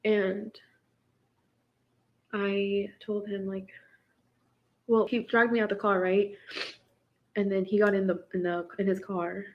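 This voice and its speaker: Recounting her marriage in a personal vlog, a woman in her twenties sounds distraught and vents heavily, leaning on "like" throughout. She speaks slowly in a medium-pitched, flat voice with long pauses, and the recording is muffled.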